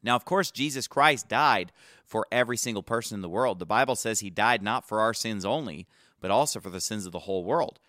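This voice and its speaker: Man, preacher, gospel sermon, lowish voice, dry close sound. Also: animated, fairly quick, pushed and bright, no room sound.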